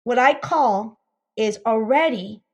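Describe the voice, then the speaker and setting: A woman's voice: on the high side, takes it slowly, a little mellow, highs cut off. A woman dating coach on an interview show, teaching emphatically through acted-out stories, repeating herself and swearing casually. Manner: emphatic, repeats herself, acts out quoted voices.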